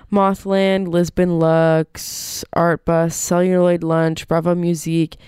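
A young woman hosts a campus radio show while congested from a cold. She rambles through announcements with plenty of ums at an unhurried pace. Her voice is mellow and smooth, close and dry on a studio mic. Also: fairly low pitch, no echo. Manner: chatty, rambling with many ums. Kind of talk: casual campus radio hosting. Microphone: studio microphone.

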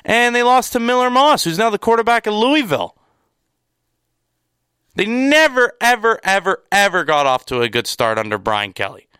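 Young man ranting about sports, bright forceful tone, smooth clear voice, dry close sound. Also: high-pitched, very animated, moderate pace, dry recording. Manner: emphatic, repeats words for emphasis, exasperated. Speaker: sports commentator. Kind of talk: opinionated sports recap.

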